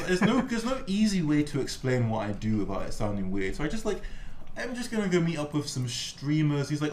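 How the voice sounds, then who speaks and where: Young guy chatting, super lively pitch, acts out voices, echoey room w/ faint hiss. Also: fast talker. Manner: animated storyteller, acts out voices. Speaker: host. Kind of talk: casual chat.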